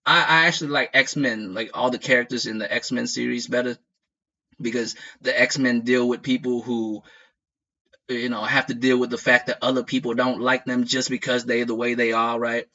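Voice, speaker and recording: A man who grew up in the United States, talking casually as a streamer in a profane, animated rant full of laughs. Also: medium pitch, moderate pace. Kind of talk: casual chat. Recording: dull lo-fi audio.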